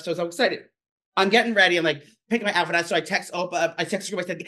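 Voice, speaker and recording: A man's voice: high voice, sharp tone. A man co-hosting a podcast, rambling through stories in casual chat from his kitchen. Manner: rambling storyteller, fast and chatty. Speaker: podcast co-host. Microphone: home microphone.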